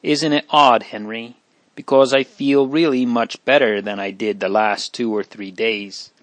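A man's voice: medium pitch, fairly even intonation, measured pace, dry recording, close to an everyday voice. A man reading a frail, cheerful little boy. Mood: quiet cheer. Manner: soft, quiet cheerfulness.

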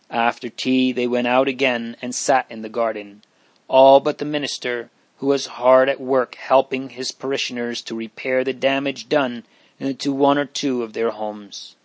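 A man narrating a classic story in a measured, steady way, close to the mic. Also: mid-range voice, no room sound. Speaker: audiobook reader.

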